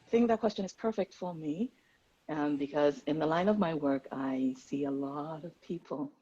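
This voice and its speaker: Lower-voiced woman from Nigeria, lo-fi call. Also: moderate pace, mellow, husky. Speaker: panelist, medical practitioner. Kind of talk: panel discussion on a video call. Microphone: video call. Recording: lo-fi video call audio.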